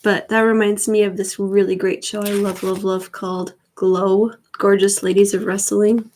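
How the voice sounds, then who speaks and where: A woman's voice: mid-range voice, flat delivery, normal speed, a little mellow, a little hiss or hum, poor audio. A woman in her thirties chatting casually on a live stream, rambling with wry asides. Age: 30s. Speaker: vlogger.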